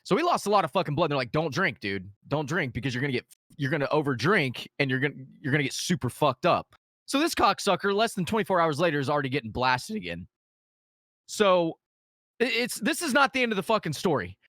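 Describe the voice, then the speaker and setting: A man telling a story in casual podcast chat, animated and full of profanity. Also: a little high, quick pace, no room sound, clean studio sound.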